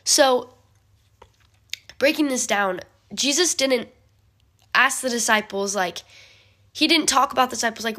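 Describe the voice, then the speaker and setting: A young woman giving a casual bible study talk, chatty and full of fillers, often clearing her throat. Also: fairly high pitch, unhurried, long pauses, bright, forceful tone.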